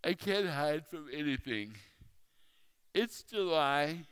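A man telling a story in a sermon, with speech that is hard to understand, slow and deliberate with pauses. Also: fairly high pitch, animated, fairly bright tone, clear, resonant tone.

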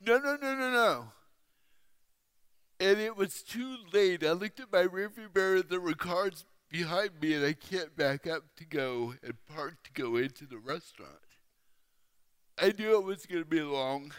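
A man telling a story in a sermon, with speech that is hard to understand, slow and deliberate with pauses. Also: a little high, clear, resonant tone.

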